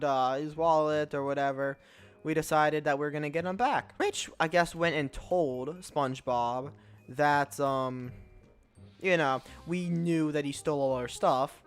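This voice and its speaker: A man's voice: fairly high pitch, clear, resonant tone. A young man casually telling a personal story over gameplay, chatty and sarcastic, often restarting words and acting out what people said. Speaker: storytelling gaming channel host.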